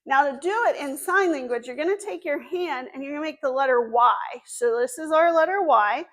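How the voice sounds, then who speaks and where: A woman's voice: sits high, fairly quick. A woman children's librarian hosting an online story time. She gives cheerful, step-by-step instructions to small children.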